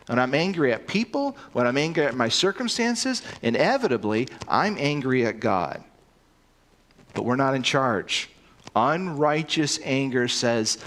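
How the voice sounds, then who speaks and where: A man's voice: on the high side, a bit bright. Earnest man preaching a sermon. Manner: earnest, emphatic, repeats words when starting sentences.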